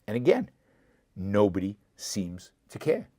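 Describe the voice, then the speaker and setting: Fiery, low-voiced male commentary host. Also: wildly swooping pitch, a little slow, mellow, no room sound, studio quality. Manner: impassioned, indignant, repeats himself for emphasis; answers viewer comments directly. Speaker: show host. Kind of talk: solo political commentary.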